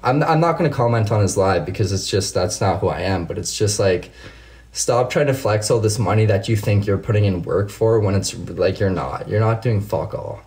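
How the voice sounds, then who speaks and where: A man's voice: lowish voice, moderate pace, darkish tone. A man hosting a casual livestream, reading out viewer comments and ranting with heavy swearing. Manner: profane, heated ranting. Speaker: livestream host.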